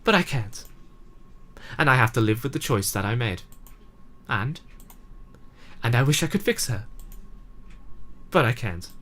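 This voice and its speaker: A man's voice: medium pitch, lively intonation, measured pace, pauses often, fairly bright tone. A man voicing a proud, remorseful teenage girl club president, emotional and tearful, in a fan reading of a game. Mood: defensive. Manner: emotional, breaking into tears.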